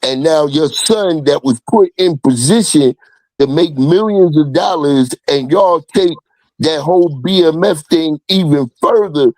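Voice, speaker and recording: A man's voice: fairly high pitch, unhurried, a little mellow, dry recording, low-quality recording. A man on a casual podcast, making long rambling opinionated points.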